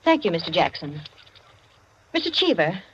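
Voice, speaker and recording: A stern rich hostess in an old radio play, firm and clipped, sounds dull and lo-fi. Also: female voice, fairly low pitch, big pitch swings, normal speed, a little hiss or hum. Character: wealthy hostess, commanding and resolute. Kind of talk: 1940s radio drama acting. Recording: muffled lo-fi old radio broadcast.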